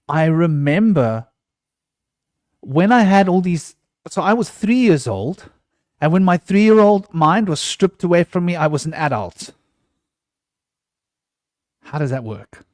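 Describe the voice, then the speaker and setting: A man's voice: fairly high pitch, darkish tone, no room sound, clean studio sound. A man in an unscripted podcast conversation, telling a personal story earnestly and often restarting his sentences.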